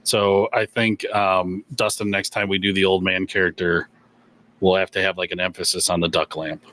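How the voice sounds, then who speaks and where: A man's voice: low-pitched, level tone, normal speed, sharp tone. A man hosting a gun shop livestream, reading viewer questions in a laid-back, chuckling way with lots of fillers.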